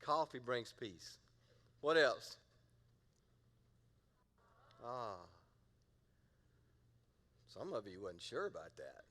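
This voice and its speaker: A man's voice: medium pitch, sing-song, measured pace, fairly bright tone, in a large hall. A middle-aged man, a pastor preaching a sermon in a playful, conversational way and drawing the congregation into call-and-response.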